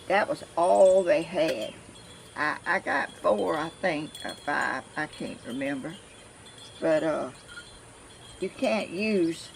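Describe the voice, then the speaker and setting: An older woman from Georgia with a flat Southern accent, chatting casually and rambling to her viewers as she shows a crafting project at home. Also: on the low side, creaky, a little hiss or hum, poor audio. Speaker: craft vlogger.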